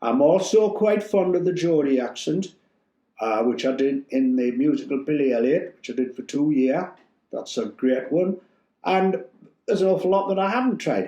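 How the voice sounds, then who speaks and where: Animated older actor from Yorkshire. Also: male voice, mid-range voice, normal speed. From Yorkshire, England. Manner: animated, theatrical storyteller. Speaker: stage actor, interviewee. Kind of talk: casual interview storytelling. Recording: roomy echo, faint music.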